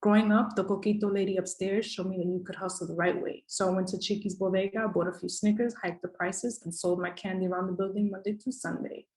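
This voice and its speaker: A woman's voice: mid-range voice, fairly even intonation, fast talker, few pauses, darkish tone, poor audio. A woman performing a rhythmic, emphatic spoken word poem with a repeated refrain. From the Bronx, New York.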